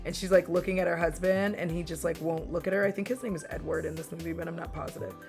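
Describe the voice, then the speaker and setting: A woman's voice: on the low side, fairly even intonation, fast, darkish tone, soft background music. A young woman recapping a movie in a casual, rambling chat, swearing and wandering off on tangents.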